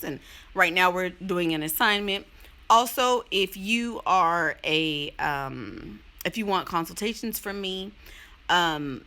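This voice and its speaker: A woman's voice: mid-range voice, pushed and bright. A young woman giving playful, sassy relationship advice in a casual vlog chat, laughing often, with features. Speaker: advice vlogger answering letters.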